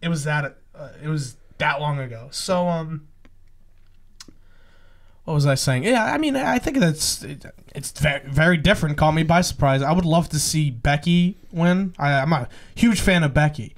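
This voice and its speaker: A man's voice: a little high, lively intonation, normal speed. A man co-hosting a podcast, talking bluntly and profanely in casual joking chat. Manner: blunt, profane, jokey, laughs often. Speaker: podcast co-host.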